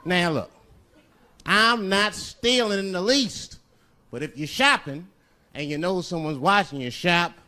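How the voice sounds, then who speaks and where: A male stand-up comedian telling stories, swearing freely and dropping into low murmured asides. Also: expressive, a little slow, bright, forceful tone, long reverb tail. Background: crowd laughter.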